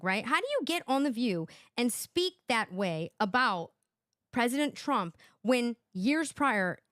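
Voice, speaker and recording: Woman, reaction commentary host, sarcastic, laughs a lot, lively swooping pitch, dry close sound. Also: dry recording. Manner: sarcastic, laughs often, mocking.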